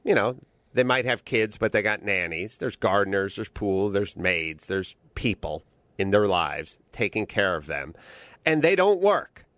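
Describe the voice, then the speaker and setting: Male podcast host, profane comic storyteller, very expressive pitch, dry sound. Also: unhurried, no echo. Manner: profane, animated storytelling, swaps into voices for quotes. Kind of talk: casual comedic rant.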